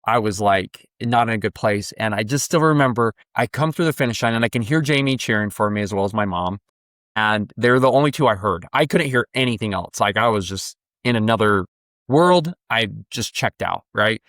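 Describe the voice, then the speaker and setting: A man's voice: lowish voice, brisk, a bit bright, dry recording, clean studio sound. A man hosting a podcast, reflectively telling a personal story in a casual, emotional way. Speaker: podcast host. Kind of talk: casual interview conversation.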